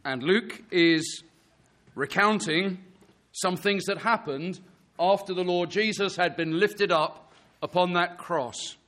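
A man's voice: high-pitched, takes it slowly, a bit bright. A man preaching an earnest sermon, reading scripture and pressing his listeners with emphatic rhetorical questions.

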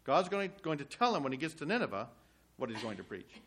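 A man's voice: mid-range voice, big pitch swings, quick pace, slightly rough. A man preaching a sermon, reading scripture aloud with rising emphasis and explaining it in plain asides.

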